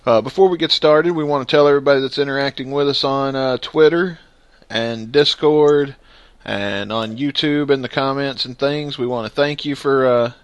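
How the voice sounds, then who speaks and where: An upbeat man hosts a casual podcast, joking around and laughing easily. His voice has an ordinary pitch. The sound is dry and close, with no room echo. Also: fairly even intonation, normal speed, smooth. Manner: jokey and upbeat, laughs often. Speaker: podcast host.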